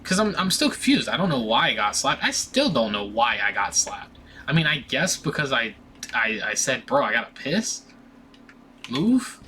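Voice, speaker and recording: Young male vlogger, bright forward tone, loose profane storytelling, faint ambient hiss. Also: mid-range voice, sing-song, moderate pace. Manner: rambling, profane, with many restarts and fillers. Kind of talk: casual storytime.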